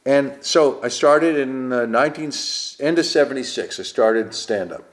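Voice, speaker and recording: New comedian spinning anecdotes. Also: male voice, medium pitch, moderate pace. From Queens, New York. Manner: animated storyteller, acts out quoted voices. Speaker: stand-up comedian guest. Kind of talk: casual interview storytelling.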